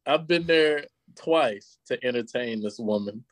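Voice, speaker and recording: A man's voice: mid-range voice, expressive, unhurried, dry recording. A man chatting casually and joking with profane banter among friends. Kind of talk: casual chat.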